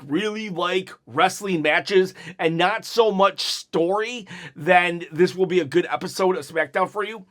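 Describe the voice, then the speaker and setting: A man's voice: sits high, a bit bright. A man giving an enthusiastic, rambling one-take review of a wrestling show while his mouth is sore from dental work.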